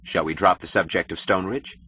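A man voicing a cynical, powerful male publisher who speaks gravely and with smooth mockery in an audiobook. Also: sits low, fairly even intonation, brisk, sharp tone, heavily acted. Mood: mocking.

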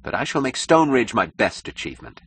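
A man's voice: medium pitch, very animated, fairly quick, a bit bright, a little hiss or hum, voice pushed up. A man voicing an ambitious young male architect who talks eagerly and stammers when flustered in an audiobook.

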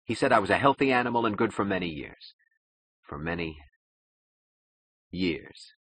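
A man reading a novel aloud as a narrator, in a measured, dramatic manner. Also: deep voice, expressive, a bit bright, breathy edge, no echo, rough recording. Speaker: audiobook narrator. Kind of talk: scripted narration.

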